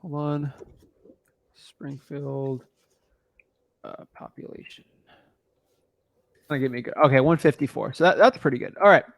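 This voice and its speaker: A man's voice: medium pitch, moderate pace, vocal fry, pauses often. Slangy, laid-back young man coaching. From United States. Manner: laid-back, slangy, talks through what he looks up. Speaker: real estate wholesaling coach. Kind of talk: casual coaching call.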